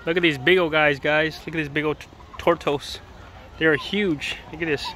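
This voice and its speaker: This parent, vlogging a family day at an outdoor zoo, has a mid-range voice with fairly even intonation and a moderate pace. They address viewers casually and playfully egg on a child while a crowd of visitors murmurs behind.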